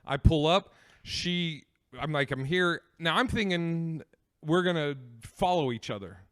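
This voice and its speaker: A man's voice: a little high, expressive, measured pace, a bit bright, no echo, studio quality. A young man hosting a podcast, telling a story in a rambling, profane way with lots of fillers. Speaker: podcast host. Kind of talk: comedic storytelling.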